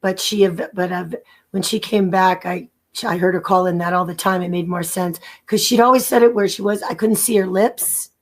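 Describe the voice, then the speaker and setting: Halting woman telling her life story. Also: on the low side, steady tone. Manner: rambling, halting, with many restarts and acted-out quotes. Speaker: interview guest. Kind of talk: personal testimony.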